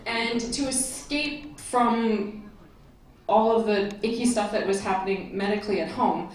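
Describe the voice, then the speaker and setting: A woman's voice: mid-range voice, darkish tone, slight background noise. Woman telling a story on stage. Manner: chatty, laughing, openly emotional. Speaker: convention speaker. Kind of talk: storytelling speech to an audience. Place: convention hall stage. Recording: echoey hall from far off, crowd.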